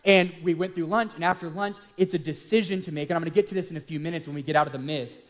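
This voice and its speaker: Man, higher-pitched voice, earnest storyteller, marriage talk, reverberant hall. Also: very fast. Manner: earnest, storytelling, self-deprecating. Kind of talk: casual sermon-style talk on marriage.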